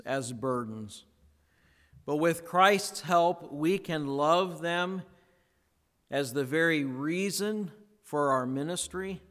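A pastor preaching a sermon in a slow, conversational way, slipping into playful voiced asides when he retells a story. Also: on the high side, fairly bright tone, big-room sound.

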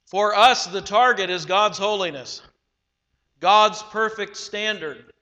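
A man preaching a sermon in a measured, emphatic way, slowing down on key phrases. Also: sits high, sharp tone, lo-fi sound. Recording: long hall reverb.

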